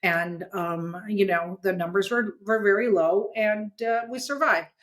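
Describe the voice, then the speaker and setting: A woman's voice: medium pitch, steady tone, a little slow. A woman talking bluntly and emphatically as a guest in a casual interview, often checking in with "okay?". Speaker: comics editor and guest.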